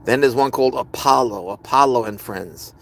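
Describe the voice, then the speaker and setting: A man hosts a live stream, chatting casually and rambling as he answers viewers' comments. His mid-range voice is fairly bright, at normal speed.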